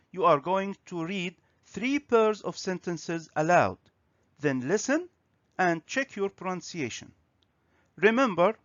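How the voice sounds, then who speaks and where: A man teaching a grammar and pronunciation lesson on video, speaking slowly and clearly. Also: high-pitched, fairly bright tone, no echo. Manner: slow, clear, instructive. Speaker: English teacher. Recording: dry, slightly dull recording.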